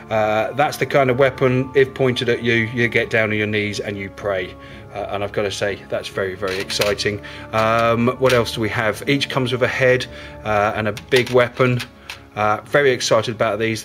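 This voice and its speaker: A man's voice: fairly low pitch, a bit bright. A man giving a casual, enthusiastic review of miniatures, rambling with lots of ums and uhs. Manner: enthusiastic, rambling with many fillers.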